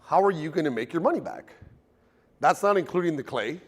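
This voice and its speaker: A man runs a car detailing class in front of a live group. His voice sits a bit high. He teaches in a loose, joking way, with plenty of stories. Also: expressive, brisk, husky, big-room sound. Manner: casual, joking, storytelling.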